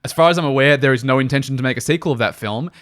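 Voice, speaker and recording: A man's voice: medium pitch, rapid-fire, a bit bright. A man co-hosting a podcast in casual chat, talking in an earnest, emphatic way. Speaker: podcast co-host.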